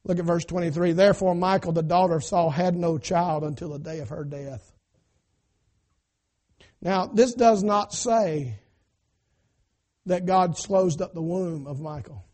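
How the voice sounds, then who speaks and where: A male pastor preaching a sermon, retelling scripture in folksy everyday words and swinging from loud to hushed. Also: high voice, unhurried, long pauses.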